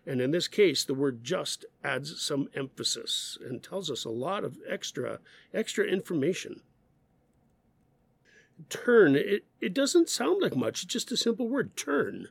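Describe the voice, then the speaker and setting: A man who speaks English natively, teaching learners English expressions, slow and emphatic, repeating phrases. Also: fairly high pitch, very animated, gravelly, slightly rough, no room sound.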